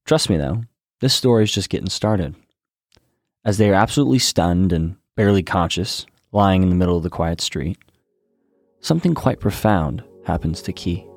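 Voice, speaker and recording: A man's voice: deep voice, normal speed, darkish tone, no echo, clean studio sound. A man narrating a true story in a conversational way, with teasing asides to the listener.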